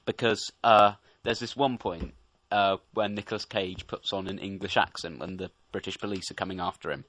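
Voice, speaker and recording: A man's voice: sits low, steady tone, moderate pace, a bit bright, no room sound. A young man co-hosting a casual podcast, giving a chatty, wry film review and laughing easily. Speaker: co-host.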